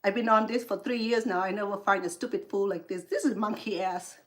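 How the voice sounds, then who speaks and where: A woman's voice: mid-range voice, fairly even intonation, brisk. A woman from Cambodia, an English learner, hosting a cooking livestream and angrily scolding a rude viewer with heated sarcasm. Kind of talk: angry livestream rant at a viewer.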